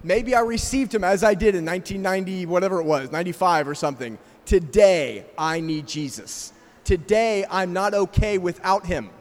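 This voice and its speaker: A man's voice: high voice, fairly quick, few pauses, big-room sound. A middle-aged man with a slight South African accent preaching a sermon as pastor, emphatic and asking the congregation rhetorical questions. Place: church sanctuary.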